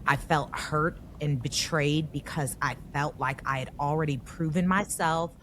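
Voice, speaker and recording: Low-voiced woman hosting a podcast. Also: measured pace, a little hiss or hum. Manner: animated, rising emotion as she tells the story. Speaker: podcast host. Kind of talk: candid conversational podcast talk.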